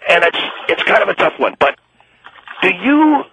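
A man's voice: sits high, big pitch swings, moderate pace, sharp tone, exaggerated voice, poor audio. A man doing a smug rich guy in a bathtub. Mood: condescending. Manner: arrogant, dismissive, petulant. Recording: radio broadcast with background noise.

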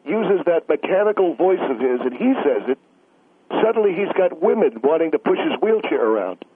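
A man's voice: on the high side, big pitch swings, normal speed. A male caller arguing heatedly on a radio show, interrupting and repeating himself. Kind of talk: heated radio call-in argument. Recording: tinny phone line.

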